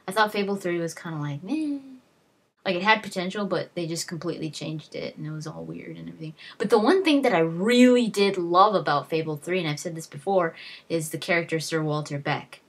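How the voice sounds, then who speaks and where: A young woman talks through her favorite game moments in a loose, rambling way, full of "like" and restarts. Her voice sits a little low and sounds husky. She jumps into quoting characters as she goes. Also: fairly quick. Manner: rambling, lots of fillers and restarts, acts out quotes. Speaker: gaming vlogger. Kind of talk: casual storytelling.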